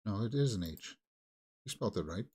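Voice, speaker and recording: A man co-hosting a movie talk show, chatting casually and thinking aloud with halting restarts. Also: lowish voice, lively intonation, dark tone, slight background noise. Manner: musing, halting, with fillers and restarts. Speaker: movie news co-host. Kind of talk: casual chat.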